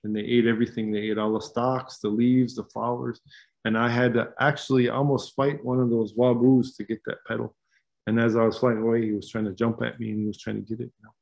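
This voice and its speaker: An earnest little male hummingbird from a spoken folk tale, reporting his brave errand in halting bursts, as a man tells it. The voice is gravelly, and the pitch stays in a middling range. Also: level tone, a little mellow, natural voice.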